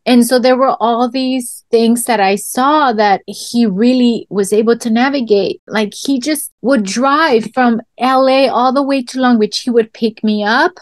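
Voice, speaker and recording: A woman with a fairly high voice speaks in a heartfelt, reflective way in an interview. The recording is close and dry, with no room sound. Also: measured pace, few pauses, no echo. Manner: reflective, talks through garden analogies, becomes tearful. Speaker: guest artist. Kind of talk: interview answer.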